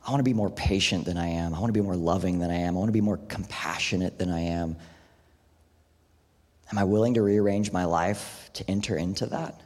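Husky-voiced man preaching in a reverberant hall. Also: low voice, a little fast, darkish tone. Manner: conversational, lots of "like" and "right?". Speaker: pastor. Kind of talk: sermon.

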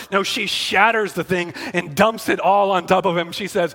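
High-voiced, bright-toned preacher man. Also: normal speed, few pauses. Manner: earnest, emphatic, filler-heavy. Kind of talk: conversational sermon. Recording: echoey hall reverb.

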